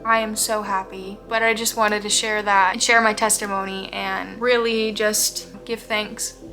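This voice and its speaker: A woman's voice: mid-range voice, flat delivery, measured pace, pushed and bright. A young woman telling a personal story on her vlog, heartfelt and close to tears, speaking earnestly. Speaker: vlogger. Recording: music playing behind the voice.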